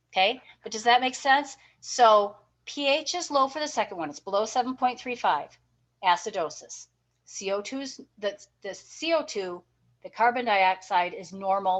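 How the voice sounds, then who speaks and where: A woman teaching a nursing class, encouraging and checking in with her students often. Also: mid-range voice. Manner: encouraging, checks in with frequent "okay?" and "right?". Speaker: nursing instructor. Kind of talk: recorded class lecture. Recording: dull lo-fi lecture recording.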